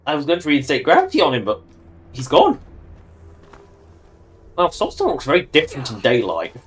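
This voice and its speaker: A man's voice: a little high, wildly swooping pitch, normal speed, husky. A man giving casual, joking commentary while livestreaming a game and talking to its characters. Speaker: streamer.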